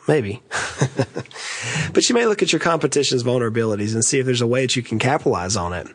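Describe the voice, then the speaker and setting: A man's voice: mid-range voice, fast talker. A middle-aged man from East Tennessee, hosting a conversational business lesson with folksy, joking asides. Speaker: podcast host and financial advisor.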